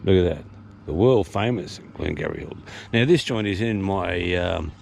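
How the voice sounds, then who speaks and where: An Australian man talks his way around a country pub, rambling and chatty, dropping the odd casual swear word. His voice is gravelly, with a lively, swooping pitch. A faint hum of background noise sits underneath. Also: moderate pace. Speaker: vlog host touring pubs. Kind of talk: casual walk-and-talk vlog. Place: outdoors and inside a country pub.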